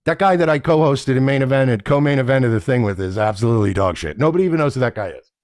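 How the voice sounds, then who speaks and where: A man's voice: mid-range voice, expressive, quick pace, a little mellow, no room sound, studio quality. A man hosting a podcast, ranting casually and indignantly with plenty of profanity. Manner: profane, indignant, mocks others in put-on voices. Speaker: podcast host. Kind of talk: casual rant to camera.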